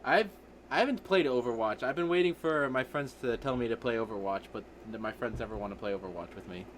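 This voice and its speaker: A man's voice: mid-range voice, background noise. A young man hosting a casual gaming podcast, joking and teasing his friends as he talks. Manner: joking, animated, quick to tease. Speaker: podcast host.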